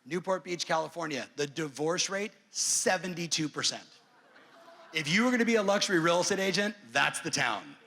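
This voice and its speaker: A man's voice: a little high, animated, normal speed, creaky, bright, forceful tone. A man giving a motivational keynote as a real estate coach on a conference stage, brash and profane, who keeps polling the crowd. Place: large conference hall stage. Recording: long reverb of a big hall.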